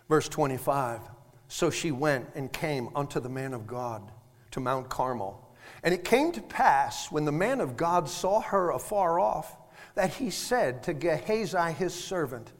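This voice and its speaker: A man preaches with emphasis, throwing out rhetorical questions and restarting his phrases. His voice sits high, and a long hall reverb trails every line in the church sanctuary. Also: lively intonation, unhurried. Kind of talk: sermon.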